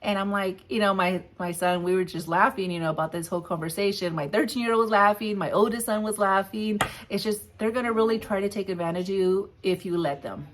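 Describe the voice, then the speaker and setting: A woman in her forties, a hotshot trucking business owner, casually retelling a tough rate negotiation in a lively, firm and blunt way, often laughing. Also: mid-range voice, a little fast, hardly any pauses, slight background noise. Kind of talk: casual storytelling vlog.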